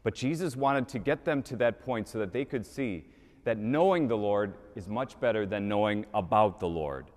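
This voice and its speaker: Storytelling priest in an echoing cathedral. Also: male voice, on the low side, moderate pace, darkish tone. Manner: storytelling, acts out quoted voices. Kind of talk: sermon. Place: large cathedral. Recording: long cathedral reverb.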